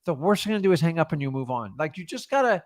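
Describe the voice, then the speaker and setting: A man coaching a caller in a casual, blunt way, acting out phone calls with quick changes of voice. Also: a little high, very animated, no room sound, studio quality. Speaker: real estate investor coaching a caller.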